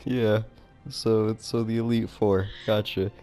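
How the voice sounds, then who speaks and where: A man's voice: on the low side, little pitch movement, unhurried, dark tone, soft background music. A man in casual voice chat, laughing hard and swearing as he jokes, talking through a headset. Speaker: gamer in voice chat.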